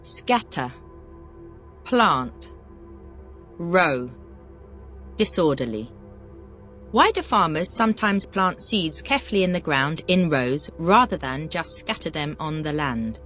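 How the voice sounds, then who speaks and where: A teacher voice calling out single vocabulary words, then asking brisk drill questions in a scripted lesson. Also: mid-range voice, expressive, bright, forceful tone, faint music behind.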